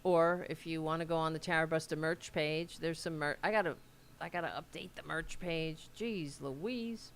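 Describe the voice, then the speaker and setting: A woman's voice: deep voice, moderate pace, slight background noise. Chatty rambling woman host. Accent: Staten Island. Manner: rambling, chatty, reads aloud and reacts to viewer comments. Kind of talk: casual livestream chat.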